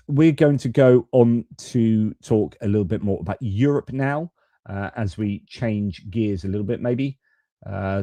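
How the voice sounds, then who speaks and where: A man's voice: medium pitch, mellow, no echo. A man hosting a live stream of off-the-cuff political commentary, with loose talk and restarts. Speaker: host.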